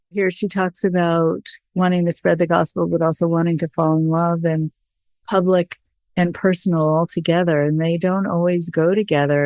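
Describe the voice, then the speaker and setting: A woman's voice: lowish voice, a little mellow, no echo. A woman, a podcast host and therapist, speaks frankly and conversationally with a touch of humor.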